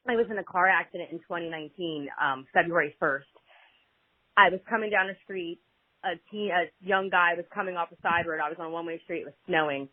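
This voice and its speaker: A woman calling in to tell a personal story, animated and acting out quoted exchanges as she talks. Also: on the low side, fast, dry recording. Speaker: caller. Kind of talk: personal story over the phone. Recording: tinny phone line, dry.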